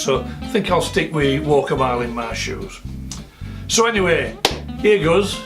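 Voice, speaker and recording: A man with a Sheffield Yorkshire accent talks in a casual, rambling vlog style, full of ums and restarts. His voice sits a touch high for a man. Plucked guitar music plays clearly behind him. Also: lively intonation, measured pace, pauses often. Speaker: vlogger.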